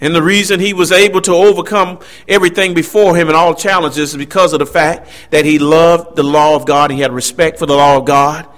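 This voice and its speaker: A preacher man delivers a sermon with a high-pitched, ringing voice. He preaches emphatically, swinging his delivery up and down and tossing asides to the congregation. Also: steady tone, brisk, hardly any pauses, fairly bright tone.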